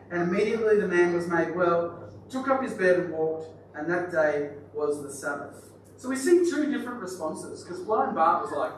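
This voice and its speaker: High-voiced male pastor, casual joking sermon, very echoey distant hall recording with noise. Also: lively intonation, normal speed. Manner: chatty, joking aside to the congregation. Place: church hall.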